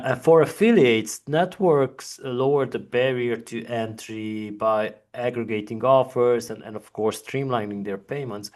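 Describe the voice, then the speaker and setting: A man moderating a virtual industry panel from an office, chatty and prone to restarting his sentences. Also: lowish voice. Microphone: video call.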